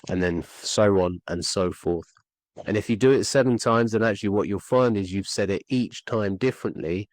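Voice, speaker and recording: Male speaking coach, earnest, repeats key points, lowish voice. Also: brisk, a little mellow, dry recording, rough recording. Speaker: communication skills coach. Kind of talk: instructional podcast talk.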